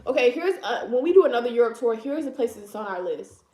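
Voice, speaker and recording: A young woman with a fairly high voice, talking casually and teasing her friend in a travel vlog. The room around her is echoey. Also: animated, fast talker, mellow. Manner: playful, teasing, laughs often. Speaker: travel vlogger. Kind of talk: casual chat.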